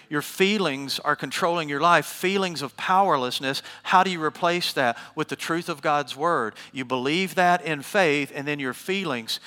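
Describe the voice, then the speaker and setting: A man's voice: fairly high pitch, moderate pace, pushed and bright, in a large hall. A man preaching a sermon, emphatic, asking the congregation questions and calling for responses. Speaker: pastor.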